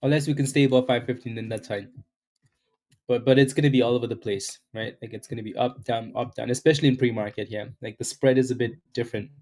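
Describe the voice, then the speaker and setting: A man's voice: medium pitch, steady tone, quick pace, darkish tone. A man hosting a live day-trading stream, chatting loosely through market commentary, greeting viewers and ending lines with "right?". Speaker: day-trading livestream host.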